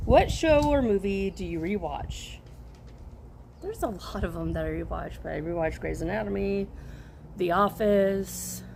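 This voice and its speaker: Unhurried woman vlogger, easygoing rambling answers, faint room hiss behind. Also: lowish voice, vocal fry. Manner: unhurried, rambling, chuckles and trails off. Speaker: crochet vlogger answering a tag questionnaire. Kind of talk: casual chat.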